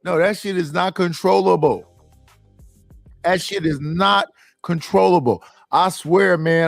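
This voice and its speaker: Blunt, profane male panelist; raised pitch, rough fry, dry close sound. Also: measured pace, no room sound, faint music behind. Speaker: podcast panelist. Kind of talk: casual chat.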